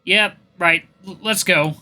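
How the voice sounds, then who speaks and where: A nervous, confused young man, as a man reads him, stammering and flustered. His voice is bright and lifted. Music plays faintly behind. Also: sits high, takes it slowly, voice pushed up, full character voice.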